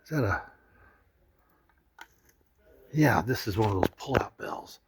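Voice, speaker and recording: A man's voice: fairly low pitch, lively intonation, brisk, breathy edge. A man chatting casually as he tours a lodge room, rambling with lots of fillers and restarts. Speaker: vlogger touring a lodge. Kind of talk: casual walkthrough narration.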